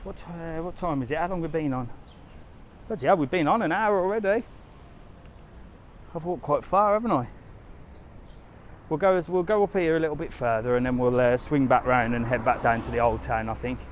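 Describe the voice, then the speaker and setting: A man's voice: on the high side, fairly quick, long pauses, a little hiss or hum. Chatty man on a walking live stream. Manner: chatty, easygoing, talks straight to viewers. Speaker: travel vlogger and live-stream host. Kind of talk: casual live walking tour, reading viewer comments. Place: outdoors on a resort street, walking.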